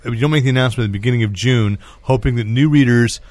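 A man's voice: mid-range voice, rapid-fire, a little mellow, dry recording. A man hosting a casual comics podcast, rambling with restarts and laughing often. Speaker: podcast host. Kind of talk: casual chat.

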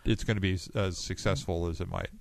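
A man's voice: low-pitched, steady tone, fast, vocal fry, no room sound. A man co-hosting a podcast, chatting casually and easygoingly about TV shows. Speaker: podcast co-host.

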